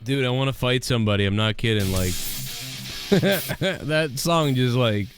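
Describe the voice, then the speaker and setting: A man hosting a livestream show, talking in a rambling, profane rant, his voice worn and rough from years of yelling. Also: medium pitch, lively intonation, unhurried, over music.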